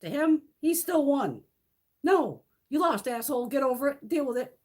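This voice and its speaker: A woman's voice: sits high, expressive, moderate pace, darkish tone. A middle-aged woman vlogger ranting bluntly in a casual livestream, swearing freely and laughing often. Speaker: beauty vlogger.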